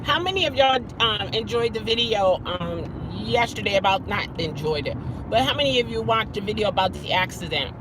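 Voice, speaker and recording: A woman's voice: medium pitch, animated, a little fast. A woman chatting casually to her livestream viewers while driving, rambling, greeting commenters by name and repeating a favorite exclamation. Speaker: vlogger and rideshare driver. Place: inside a car driving on city streets. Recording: car and street noise behind.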